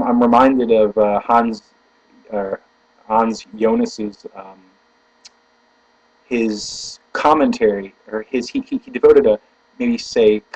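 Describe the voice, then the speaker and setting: Husky-voiced man musing aloud, lo-fi. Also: on the low side, darkish tone, dry recording. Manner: halting, searching for words mid-sentence; slow, deliberate emphasis when reading passages. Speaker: video blogger reading philosophy aloud. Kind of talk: reading aloud then thinking out loud. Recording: dull, lo-fi home recording with mains hum.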